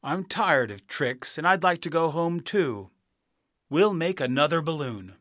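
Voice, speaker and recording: A kindly old balloonist from a storybook , as a man puts him on, talking gently and slowly. His pitch rises and falls in wide, lively arcs, close and dry. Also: no room sound.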